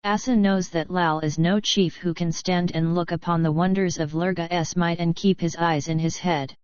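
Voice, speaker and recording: Fearful tribesman, pleading and sullen, as a woman reads him, lowish smooth voice. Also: fairly even intonation, moderate pace, a little mellow, no echo, muffled recording, close to an everyday voice. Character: cowering, fearful male tribesman.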